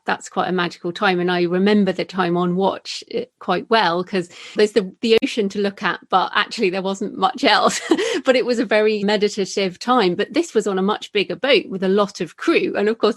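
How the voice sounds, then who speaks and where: A woman podcast host asking curious follow-up questions in a relaxed interview. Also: mid-range voice, no room sound, clean studio sound. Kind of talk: conversational interview.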